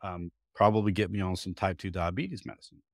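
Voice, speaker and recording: A man's voice: sits low, fairly even intonation, a little fast, no echo, clean studio sound. A man in his fifties, a guest telling his story in a casual interview, folksy, acting out quoted dialogue as he goes. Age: 50s. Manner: folksy, repeats words while thinking.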